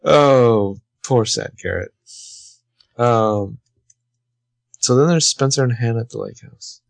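A man's voice: medium pitch, slow, vocal fry, no room sound. A man co-hosting a podcast, recapping a TV episode in casual chat, swearing freely and throwing in jokey asides. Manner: animated, profane, jokey asides. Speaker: podcast co-host.

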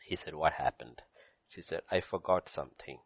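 A man's voice: very deep voice, moderate pace, gravelly, husky, no echo. A man pastor preaching a sermon, telling a story and acting out its dialogue, repeating phrases for emphasis. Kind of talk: sermon with Bible teaching.

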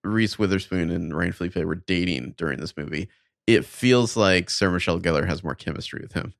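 A man's voice: sits low, brisk, creaky, no echo, studio quality. A man casually recapping a movie as a podcast co-host, laid-back and a little hesitant.

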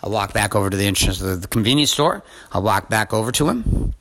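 A man hosting a podcast, telling a story in a lively, profane monologue. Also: on the low side, fast. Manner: profane, animated retelling with acted quotes. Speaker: podcast host.

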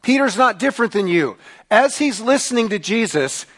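A man preaching a sermon to a congregation, animated and acting out the voices he quotes. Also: sits high, normal speed, breathy edge. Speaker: pastor.

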